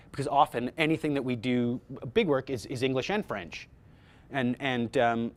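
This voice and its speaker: A man's voice: medium pitch, slight background noise. A middle-aged man gives a workshop talk to actors on voice-over work. He talks with energy, often restarts his sentences, and speaks straight to the group in a room with a small live audience.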